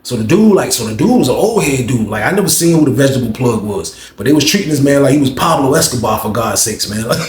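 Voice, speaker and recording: A man's voice: mid-range voice, quick pace, few pauses. A young man casually telling a story in heavy slang, acting out the people in it. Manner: slangy, animated, acts out every voice. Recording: roomy echo.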